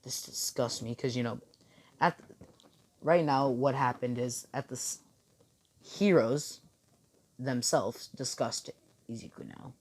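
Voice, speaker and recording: A man telling a fan story off the cuff, rambling and full of filler words. His voice sits mid-range and drifts between loud and quiet. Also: mid-range voice, slow pace, pauses often. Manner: rambling, many fillers and swearing. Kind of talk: casual fan-fiction retelling.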